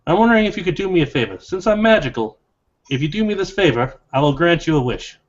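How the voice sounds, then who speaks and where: A man's voice: a little high, lively intonation, fast talker. A man voicing a courteous male desert snake guardian during a tabletop game. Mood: polite. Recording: dull lo-fi recording.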